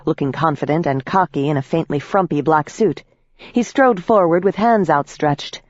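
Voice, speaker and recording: A woman's voice: deep voice, moderate pace, dry recording. A woman narrates a first-person fantasy audiobook with tense, vivid storytelling. The recording is dry and close, with a slightly dull, muffled top end.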